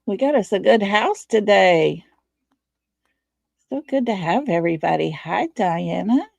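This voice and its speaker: A woman's voice: medium pitch, expressive, unhurried, vocal fry, darkish tone, no echo. A tired woman with a Texan accent hosting a casual livestream, chatting folksily and greeting viewers by name. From Texas. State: tired, low on energy. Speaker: livestream host. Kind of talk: casual live-stream chat.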